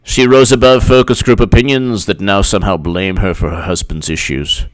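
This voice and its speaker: A man's voice: low-pitched, steady tone, moderate pace, no room sound. A man who works as a political commentator, reading an article aloud and mocking it with sarcastic asides.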